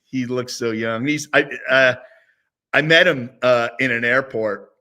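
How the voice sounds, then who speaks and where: A man's voice: mid-range voice, unhurried. A man in his sixties, a former football player, telling stories as a guest in a casual interview. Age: 60s. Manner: animated storyteller.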